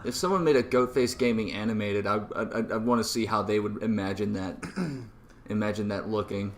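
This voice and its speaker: A man's voice: fairly low pitch, fairly quick, a little hiss or hum. A man with a Boston accent giving laid-back, self-mocking commentary while playing a video game. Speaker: let's play gamer. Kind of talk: casual gameplay commentary.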